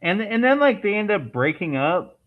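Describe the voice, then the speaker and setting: A man's voice: high voice, sing-song, moderate pace. A married man co-hosting a casual movie chat, laid-back and joking. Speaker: podcast co-host. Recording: dull lo-fi sound.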